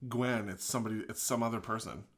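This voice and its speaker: A woman's voice: very deep voice, steady tone, fast. A woman co-hosting a podcast, chatting casually about a movie, blunt and swearing, laughing often. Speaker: podcast co-host.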